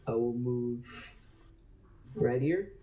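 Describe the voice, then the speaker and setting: A man playing a tabletop game, speaking in a measured, deliberate way. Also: mid-range voice, animated, narrow, tinny audio. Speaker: player. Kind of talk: casual tabletop play.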